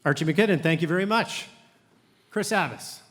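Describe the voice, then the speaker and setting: A man moderating a televised mayoral debate, introducing candidates with brisk, upbeat remarks. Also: fairly high pitch, fairly bright tone. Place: convention centre hall. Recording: long reverb in a convention hall.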